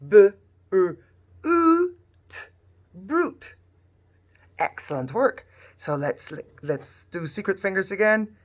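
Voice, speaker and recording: A woman's voice: medium pitch, lively intonation, slow pace, long pauses, lo-fi sound. A woman teaching a phonics lesson to young children, modelling sounds in a sing-song, exaggerated way. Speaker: primary school teacher.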